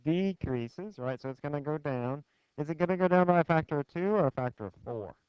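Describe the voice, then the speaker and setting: Guy teaching physics to a class, keeps asking students stuff, smooth clear voice, dull dry lo-fi audio. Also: fairly high pitch, expressive, fairly quick, no echo. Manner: conversational, asks the class questions and jokes. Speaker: physics lecturer. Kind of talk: classroom lecture with clicker questions. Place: lecture hall.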